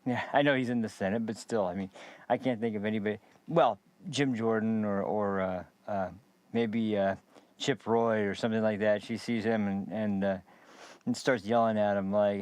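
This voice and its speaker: A man's voice: fairly low pitch, steady tone, normal speed, a little mellow, smooth, no room sound. A man hosting a political commentary show, rambling and sarcastic with many fillers and restarts. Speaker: podcast host.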